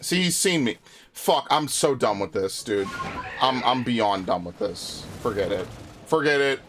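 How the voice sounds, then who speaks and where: A man's voice: medium pitch, big pitch swings, measured pace, over music. A man streaming a video game, chatting casually in a rambling, frustrated way, swearing often and restarting his sentences. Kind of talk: casual live-stream chat while playing.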